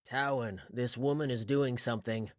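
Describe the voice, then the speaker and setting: A man's voice: medium pitch, moderate pace, dry recording, natural voice. A man voicing a blunt male swordsman who reports matter-of-factly, close to his own voice. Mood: urgent.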